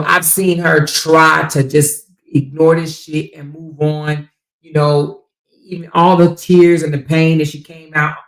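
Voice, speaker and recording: A woman's voice: low voice, vocal fry. A woman hosting a casual livestream, reading viewer comments aloud and chatting back in reply. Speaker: livestream host.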